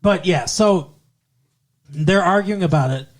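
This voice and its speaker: Rambling, loose-talking man, a bit high. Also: slow pace. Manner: rambling and loose, heavy swearing and fillers. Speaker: podcast co-host. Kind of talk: casual chat recapping a TV episode.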